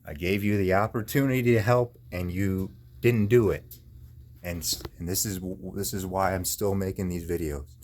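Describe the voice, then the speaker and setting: A man's voice: low voice, moderate pace, darkish tone. A man in chronic pain delivering an angry, profane, repetitive rant in his own video. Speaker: video maker. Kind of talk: angry ranting monologue.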